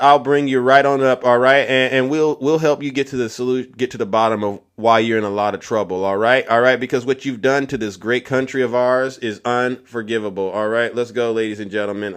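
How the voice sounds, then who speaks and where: A man's voice: mid-range voice, fairly bright tone. A man hosting a live political debate stream, talking to his chat and calling people up, mocking and repeating himself. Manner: mocking, repetitive, taunting callers.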